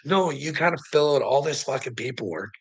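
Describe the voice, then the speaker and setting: A man's voice: mid-range voice, animated, fairly quick, slightly rough, rough recording. A middle-aged man rambles to his livestream chat, swearing constantly and laughing between sentences. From Canada.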